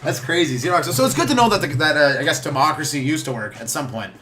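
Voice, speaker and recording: Rambling, laughing young comedy host. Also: male voice, on the high side, expressive, quick pace, bright, forceful tone, slight background noise. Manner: rambling, laughs often, jumps into silly voices. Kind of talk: casual comedic chat.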